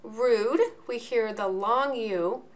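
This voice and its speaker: A woman teaching a lesson in a video, explaining each point slowly and enunciating clearly. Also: fairly high pitch, lively intonation, a bit bright. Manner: slow, deliberate, clearly enunciated.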